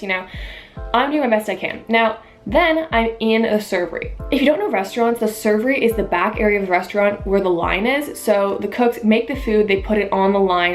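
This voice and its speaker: A young woman, a waitress, telling a story of a rude customer in a casual vlog, acting out the dialogue with emphasis. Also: medium pitch. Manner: animated, emphatic retelling with quoted dialogue. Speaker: vlogger, waitress.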